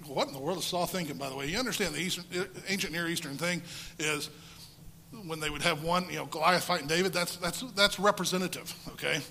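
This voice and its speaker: A man preaching a sermon, telling the story with lively energy and rhetorical questions. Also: a little high, quick pace, creaky, slight background noise, low-quality recording.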